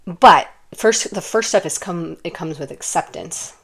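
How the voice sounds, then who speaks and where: A young woman giving an intuitive pick-a-card reading, gentle and rambling with many fillers and restarts. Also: lowish voice, unhurried, husky. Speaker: tarot card reader.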